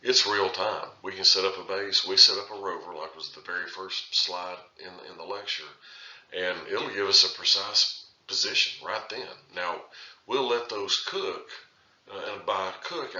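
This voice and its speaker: A man's voice: deep voice, moderate pace, sharp tone, roomy sound, lo-fi sound. A man teaching a surveying lecture in a loose, conversational way, often restarting his sentences. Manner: conversational, with frequent restarts and filler phrases. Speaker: surveying instructor. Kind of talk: recorded lecture.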